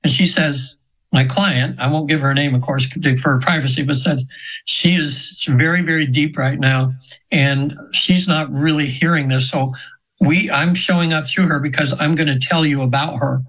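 A man's voice: fairly high pitch, fairly even intonation, normal speed, a bit bright, poor audio. Older man rambling through a story. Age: 70s. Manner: rambling, with many fillers and restarts. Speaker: guest practitioner of trance sessions. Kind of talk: conversational storytelling to a host.

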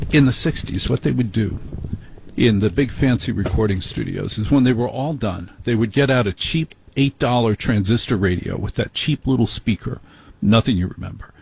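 A man's voice: mid-range voice, gravelly, darkish tone, breathy edge. A middle-aged man hosting an overnight radio show, chatting casually with rambling, wry, self-deprecating asides. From United States. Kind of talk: casual late-night radio chat.

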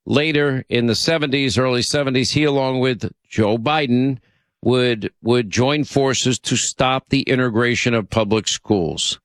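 A man's voice: mid-range voice, unhurried, dry recording. A man hosting a talk radio show, chatty and opinionated, bantering with his co-host and taking calls.

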